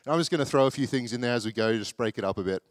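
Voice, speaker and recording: A young man preaches in a relaxed, joking way, slipping into the voices of the people in the story. His voice is mid-pitched, and the recording is close and dry, with no room echo. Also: rapid-fire. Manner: chatty, self-deprecating, acts out the people in the story. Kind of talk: casual sermon.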